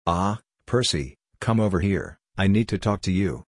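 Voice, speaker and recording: A man's voice: low voice, moderate pace, no room sound, clean studio sound. A man reading the part of a brusque, bossy middle-aged city official who barks orders impatiently. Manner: barking, impatient.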